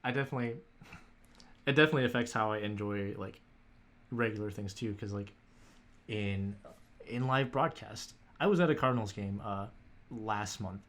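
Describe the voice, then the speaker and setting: Relaxed young man, laughing guest. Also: on the low side, moderate pace, long pauses. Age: 20s. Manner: relaxed, laughs while talking, trailing restarts. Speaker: podcast guest. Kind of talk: casual chat.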